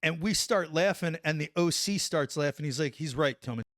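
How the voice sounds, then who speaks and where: Middle-aged guy telling an army story, lots of "like", animated, dry close mic. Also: on the high side, normal speed, no echo. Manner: animated, acts out quotes, says "like" a lot. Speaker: podcast guest, former Army Ranger. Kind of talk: casual storytelling.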